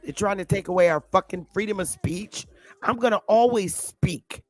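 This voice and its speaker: A woman's voice: medium pitch, normal speed, no room sound, faint music behind. Blunt, cursing woman with dry sound. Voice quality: defiant, combative delivery. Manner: blunt, heavy profanity, emphatic repetition. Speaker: commentary vlogger. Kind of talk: unscripted opinion monologue.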